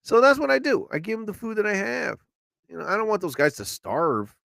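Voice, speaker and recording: High-pitched and brisk with some vocal fry, the man's voice comes through without room sound. He hosts a live show, chatting solo in a rambling way about everyday stories and animatedly acting out the quotes.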